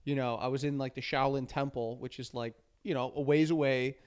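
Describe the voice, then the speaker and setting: A man's voice: medium pitch, steady tone, a little fast, smooth. A man co-hosting a podcast, telling rambling stories in casual comedic chat and swearing freely. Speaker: podcast co-host.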